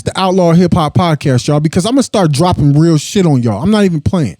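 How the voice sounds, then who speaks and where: A man's voice: on the high side, animated, brisk, mellow, dry recording. A young adult man hosting a podcast, giving a blunt, profane, impassioned casual monologue. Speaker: podcast host.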